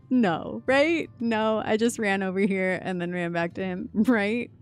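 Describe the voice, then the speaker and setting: Giggly woman streamer with a gravelly voice. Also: medium pitch, moderate pace, hardly any pauses, faint music behind. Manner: giggly, chatty, reacting to chat. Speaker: game streamer. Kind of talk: casual livestream chat.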